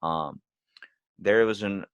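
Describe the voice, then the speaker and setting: Low-voiced man telling animated stories. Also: slow pace, creaky, clean tone, dry recording, highs cut off. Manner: animated storyteller, swears freely. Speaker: podcast host. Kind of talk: casual chat.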